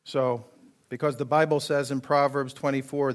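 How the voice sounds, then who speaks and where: At a moderate pace and with a flat delivery, a man pastor of medium pitch preaches conversationally. He takes on the voices of those he quotes and asks the congregation if they follow him.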